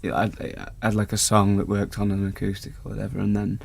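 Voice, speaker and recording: English musician guy rambling in an interview, low gravelly voice. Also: completely flat delivery, quick pace. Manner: rambling, many fillers. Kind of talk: casual interview chat.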